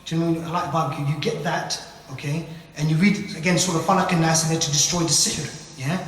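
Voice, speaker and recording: High-voiced British man teaching from far off. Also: steady tone, quick pace. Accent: British English. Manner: loose, repetitive explaining with tag questions. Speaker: ruqya teacher. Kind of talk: informal spoken lesson. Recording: echoey hall from far off.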